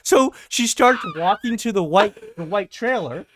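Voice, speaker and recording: A podcast host telling a story in a casual, animated way, cursing freely and acting out the people involved, with frequent stammered restarts. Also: medium pitch, unhurried, slight background noise.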